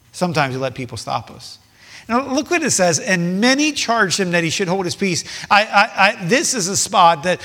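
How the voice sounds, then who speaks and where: Impassioned preacher with a bright, high voice. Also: male voice, long reverb tail. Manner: impassioned, repetitive, swings between soft and loud. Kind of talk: sermon.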